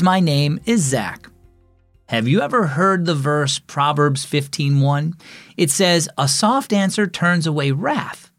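A man hosting and narrating a children's devotional story, upbeat and expressive, speaking to kids. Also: a little high, dry recording, studio quality. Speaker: host and narrator.

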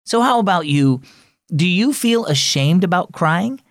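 Man host, expressive scripted kids' narration, encouraging, dry close sound. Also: high voice, a little slow, no echo. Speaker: host of a children's devotional program.

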